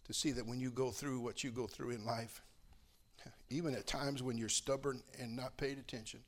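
An older man preaching a sermon as pastor, swinging between loud fervor and quiet storytelling. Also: medium pitch, steady tone, moderate pace.

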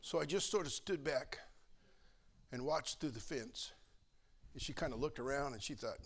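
An older man preaching a sermon as pastor, swinging between loud fervor and quiet storytelling. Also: mid-range voice, normal speed, pauses often.

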